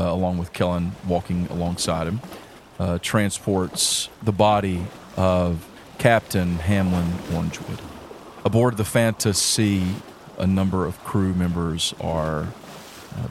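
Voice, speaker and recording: Deep-voiced slow game master man. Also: a little hiss or hum. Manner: slow, descriptive narration with fillers. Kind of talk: narrating a tabletop game.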